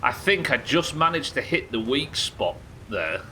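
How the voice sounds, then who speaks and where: Excitable man streaming a game. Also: medium pitch, a little slow, slight background noise. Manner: excitable, swears, talks to chat. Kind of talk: live game commentary.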